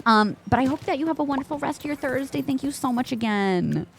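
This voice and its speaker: A woman's voice: high voice, expressive, quick pace, creaky, a little hiss or hum. A young woman streaming a game live, chatting away to the game's characters and greeting her viewers. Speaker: Twitch streamer. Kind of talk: live gameplay chat.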